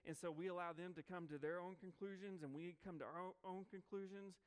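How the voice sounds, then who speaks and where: A man's voice: sits high, steady tone, fairly quick, smooth. A young man preaching a sermon, telling a folksy story to his congregation with a long hall reverb. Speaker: pastor.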